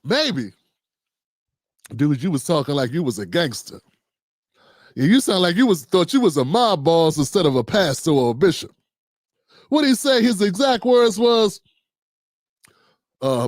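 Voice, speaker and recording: A man hosting a livestream and delivering animated, sarcastic commentary. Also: high voice, unhurried, long pauses, no echo, studio quality. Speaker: show host and commentator.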